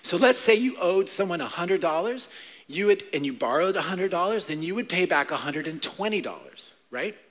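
A man preaching an animated, conversational sermon to children and adults, often checking in with "right?". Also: sits high, normal speed. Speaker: pastor. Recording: echoey hall.

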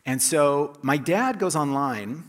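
A man's voice: fairly high pitch, animated, slow pace, a bit bright. A man preaching a casual, conversational sermon in a church, with restarts and chuckles, speaking into a microphone. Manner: conversational and self-deprecating, with restarts and laughs. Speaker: pastor. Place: church sanctuary. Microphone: handheld or lapel mic, checked aloud. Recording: long reverb of a large hall.

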